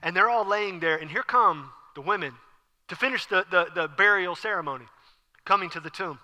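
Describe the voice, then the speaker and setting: A man preaching an animated sermon as pastor, acting out scenes with sudden whispers and exclamations. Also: high-pitched, fairly quick. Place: church sanctuary. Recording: church hall with long reverb.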